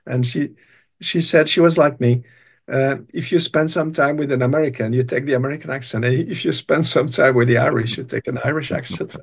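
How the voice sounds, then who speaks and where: A man's voice: medium pitch, fairly even intonation, brisk, creaky, husky. A retired man in his sixties from Brittany with a French accent, speaking as an interview guest in a hesitant way with many fillers and restarts. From Brittany, France. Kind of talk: casual interview chat.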